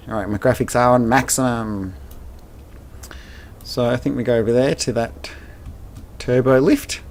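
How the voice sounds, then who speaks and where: A man's voice: medium pitch, measured pace, pauses often, a little hiss or hum. A man hosting a casual let's play, narrating his gameplay in a rambling way with plenty of fillers. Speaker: game channel host.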